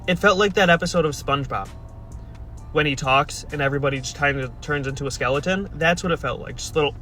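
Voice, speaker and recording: A young man with a high, bright voice tells a casual storytime. His delivery is wry and exasperated, with a deadpan edge. Faint music runs underneath. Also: quick pace. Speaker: storyteller in a played video clip.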